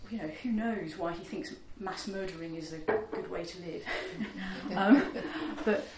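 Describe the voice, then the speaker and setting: A woman teacher telling a Buddhist story in an animated, chatty way, with frequent fillers and laughs. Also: on the low side, unhurried, reverberant, heavy background noise. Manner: animated, laughing, many fillers, acts out voices. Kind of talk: storytelling dharma talk.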